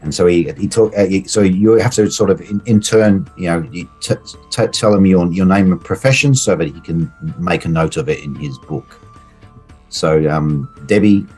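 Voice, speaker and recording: A man narrating as game master of a tabletop game, halting with restarts. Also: low-pitched, darkish tone, breathy edge, soft background music. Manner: halting, many fillers and restarts.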